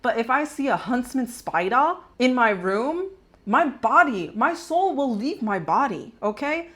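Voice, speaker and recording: A woman's voice: on the high side, sing-song, unhurried, fairly bright tone. A woman from the United States hosting a casual commentary video, chatty and opinionated, often tagging on "right?". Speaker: commentary channel host.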